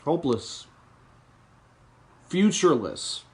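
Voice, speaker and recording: A man's voice: fairly high pitch, sing-song, slow pace, darkish tone, slight background noise. A young man hosting a podcast, delivering an angry political rant full of profanity and bitter sarcasm. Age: young adult. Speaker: podcast host.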